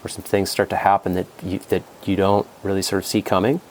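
A man's voice: low voice, completely flat delivery, fast talker, slight background noise. A man speaking as a podcast guest and coach, rambling and repeating words in casual conversation. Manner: rambling, repeats words, acts out quoted voices.

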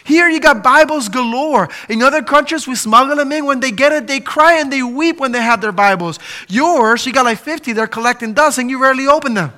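A man's voice: extremely high pitch, a little fast, hardly any pauses, pushed and bright. A man preaching as a pastor, reading scripture aloud and pleading with his congregation with rising, impassioned emphasis in a church. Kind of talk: sermon.

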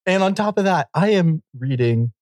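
This podcast co-host is a man with a high, slightly mellow voice who chats casually at a moderate pace, animated, rambling, and laughing often. The recording is dry, with clean studio sound.

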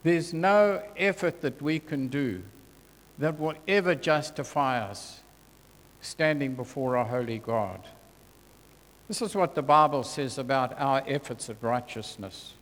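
Slow man preaching in a hall. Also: medium pitch. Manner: earnest, slow and deliberate, dropping soft on scripture quotes. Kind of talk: sermon. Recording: long hall reverb.

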